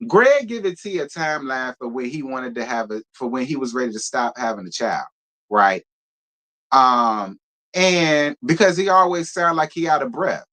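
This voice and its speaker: The voice is mid-range with a fairly bright tone. A man running a live recap of a reality show gives profane, sassy, no-nonsense commentary while talking to his audience and thanking donors.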